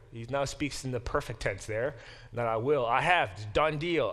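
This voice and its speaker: A man's voice: medium pitch, normal speed, fairly bright tone. A middle-aged man teaching a Bible class, explaining verses, often correcting himself, and reading passages aloud with emphasis. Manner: explanatory, digressive, self-correcting; reads verses aloud with emphatic, lifted delivery. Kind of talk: lecture.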